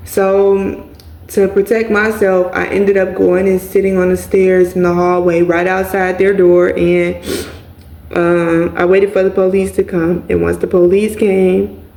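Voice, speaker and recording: Gravelly woman telling a story in an echoey room. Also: fairly low pitch, flat delivery, unhurried, mellow. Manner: casual, addresses viewers as y'all. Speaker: vlogger. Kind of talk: emotional personal storytelling.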